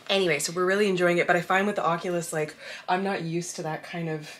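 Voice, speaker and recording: A woman's voice: fairly low pitch, fairly even intonation, quick pace, fairly bright tone, slight background noise. A woman, a mom vlogging at home in easy casual chat that is full of "like". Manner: chatty, peppered with "like".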